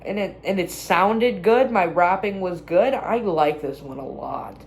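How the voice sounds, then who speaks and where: A woman's voice: fairly low pitch, expressive, measured pace, slight background noise. A woman casually reacting to her own songs, blunt, self-critical and swearing freely. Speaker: musician reacting to own album. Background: own music playing clearly.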